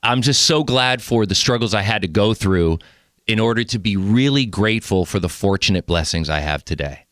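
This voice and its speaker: A man's voice: lowish voice, normal speed, a bit bright, no echo, studio quality. A man in his forties hosting a podcast, talking candidly and earnestly, swearing casually. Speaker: podcast host. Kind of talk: casual interview chat.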